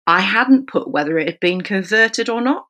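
A woman, a rugby referee, telling a podcast anecdote in an animated way and acting out the dialogue. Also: mid-range voice, normal speed.

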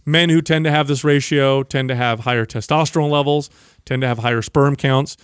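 A man's voice: medium pitch, steady tone, a little fast, clean tone, no echo, studio quality. A man co-hosting a podcast, explaining things in a matter-of-fact way. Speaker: podcast co-host. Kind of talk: casual chat.

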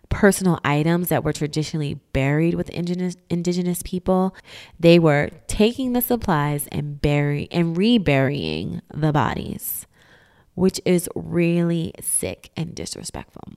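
A woman's voice: low-pitched, animated, unhurried, dark tone, clean tone. A woman casually explaining history myths, sarcastic and emphatic, with slang and whispered asides.

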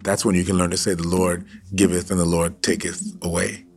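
A man preaching and praying in a livestream devotional, swinging between loud declarations and hushed whispers. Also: sits low, flat delivery, fairly quick. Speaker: pastor. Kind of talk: devotional livestream sermon and prayer.

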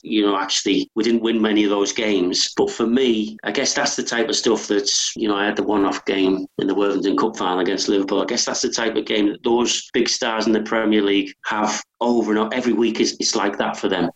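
A middle-aged former footballer, telling stories in a rambling, humble, self-correcting way during an interview. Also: male voice, lowish voice, little pitch movement, a little fast, hardly any pauses, low-quality recording. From England. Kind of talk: conversational interview storytelling.

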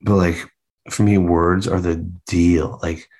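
A man's voice: deep voice, level tone, slow pace, darkish tone. A man, a band member, chatting loosely in a video-call interview, rambling with lots of fillers and the odd swear.

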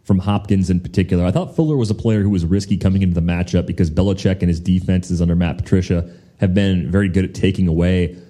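A man with a very low, dark voice hosts a fantasy football podcast. He talks in a measured, analytical way. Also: fairly even intonation. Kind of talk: casual sports chat.

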